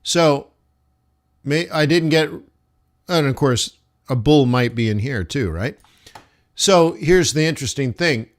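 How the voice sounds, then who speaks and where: Guy doing a live trading stream, slow and musing, lots of uh and pauses, mid pitch. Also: expressive. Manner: slow, musing, talks to chat as "guys"; thinks aloud over charts with pauses and fillers.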